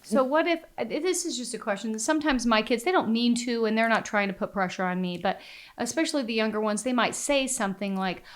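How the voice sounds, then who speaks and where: A woman's voice: a little high, fairly quick. A woman hosting a podcast, chiming in with short agreements and hesitant, thinking-aloud questions. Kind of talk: casual podcast conversation.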